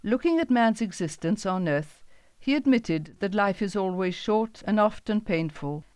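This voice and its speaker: A woman reading a Bible story aloud as narrator, in a measured, even storytelling delivery. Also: mid-range voice, clear, resonant tone, no room sound.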